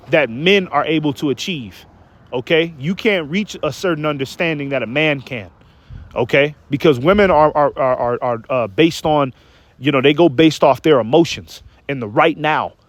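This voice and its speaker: Emphatic man preaching a rant. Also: fairly high pitch. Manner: emphatic, keeps asking "okay?" and "man"; stumbles and repeats words. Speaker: online preacher. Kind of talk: preaching rant with scripture reading.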